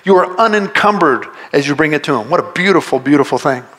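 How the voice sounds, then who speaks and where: A man's voice: a little high, animated, fast talker, fairly bright tone. A man preaching a sermon to a congregation, direct and earnest, driving points home with repeated phrases. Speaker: pastor.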